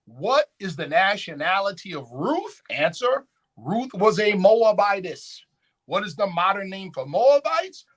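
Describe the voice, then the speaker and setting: A man's voice: sits high, unhurried. A man giving a lecture at a conference, often checking in with the audience with questions. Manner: animated, call-and-response questions. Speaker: conference speaker. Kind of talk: lecture with slides. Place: conference hall.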